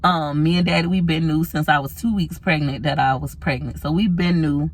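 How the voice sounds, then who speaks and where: A woman in her thirties vlogging, candidly telling a personal story to camera, tearful, with long pauses. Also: low-pitched, steady tone. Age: 30s.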